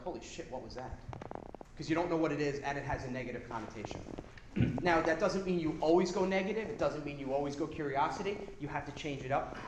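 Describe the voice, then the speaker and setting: Guy running a workshop, kinda high voice, loose and blunt, echoey noisy room. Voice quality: casual, energetic, blunt with swearing. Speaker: seminar presenter. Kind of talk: live workshop talk. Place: hall with a live audience. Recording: echoey room with background noise.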